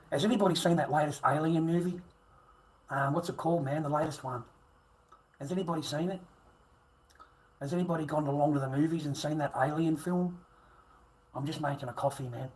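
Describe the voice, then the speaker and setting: A man's voice: a little high, moderate pace, pauses often, poor audio. A middle-aged man ranting crudely on a livestream, swearing constantly and taunting viewers. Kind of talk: profane livestream rant.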